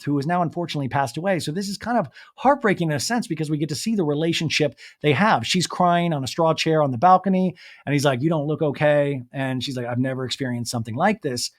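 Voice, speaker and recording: A young man hosting a podcast, recapping reality TV in casual chat, animated and quick to quote people. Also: a little high.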